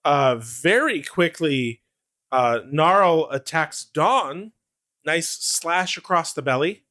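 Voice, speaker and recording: A man co-hosting a podcast, recapping a TV episode in animated casual chat, laughing often and swearing. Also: a little high, slow. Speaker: podcast co-host.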